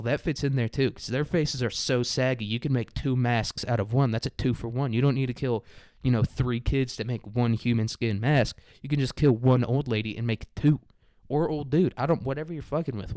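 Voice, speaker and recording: A man's voice: medium pitch, a little mellow, no echo, studio quality. Rambling, crude male podcast host. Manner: rambling, full of "like" fillers, crude and irreverent. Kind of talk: crude rambling comedy monologue.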